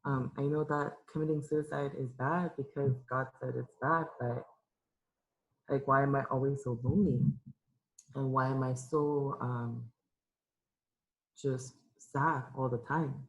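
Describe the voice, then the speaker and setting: Her voice is very deep and fairly even in intonation, unhurried with long pauses, captured on a rough recording. She's a young youth minister from Los Angeles, California, tearfully giving a candid, emotional testimony full of fillers and restarts to an audience gathered in a church room.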